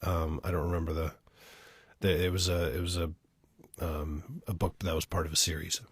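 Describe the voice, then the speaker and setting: A low-pitched man with a husky grain reads poems in an unhurried, measured way. Between readings he chats with viewers, softly and with lots of hesitations. The sound is dry and close. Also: little pitch movement, dry recording. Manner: measured and soft, with many hesitations when chatting. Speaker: host of a live reading stream. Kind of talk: live-stream poetry reading and chat with viewers.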